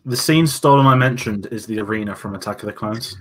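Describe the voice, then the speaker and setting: A man's voice: lowish voice, fast talker, a bit bright. A man co-hosting a film quiz, reading questions and giving opinionated, chatty remarks. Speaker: co-host and quizmaster.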